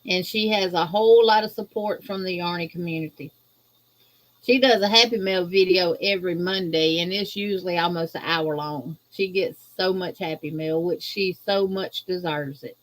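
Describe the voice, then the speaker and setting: A woman from Louisiana with a Southern accent, guest-hosting a crochet livestream and chatting casually with viewers, greeting them in a folksy, drawn-out way. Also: on the low side, steady tone. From Louisiana, USA. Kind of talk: casual livestream chat reading viewer comments.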